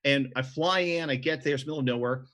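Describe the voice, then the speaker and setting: A middle-aged man from the southern United States spins a story with quick asides and self-corrections. He co-hosts a relaxed conversation and speaks at an ordinary pitch. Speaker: co-host. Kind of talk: casual chat.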